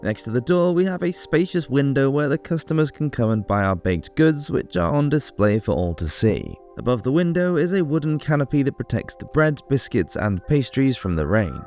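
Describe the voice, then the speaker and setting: A man reading aloud in his own voice as a prosperous medieval Parisian master baker, calmly telling of his trade with pride. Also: medium pitch, normal speed, few pauses, faint music behind, pitched above the performer's own voice. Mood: proud. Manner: calm first-person storytelling, proud of his trade.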